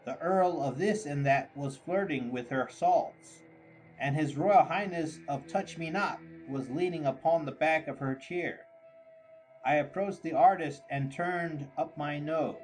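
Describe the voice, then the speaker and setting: A man narrating a story aloud in a measured, mock-grand storytelling manner. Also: fairly high pitch, a little mellow, soft background music, rough recording. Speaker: audiobook narrator. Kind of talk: scripted narration.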